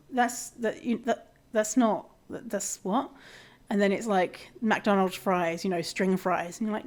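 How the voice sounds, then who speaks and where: A British woman hosting a podcast, talking in a casual, animated rant with swearing and mock outrage. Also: fairly high pitch, normal speed. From Britain. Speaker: podcast host. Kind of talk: casual ranting monologue.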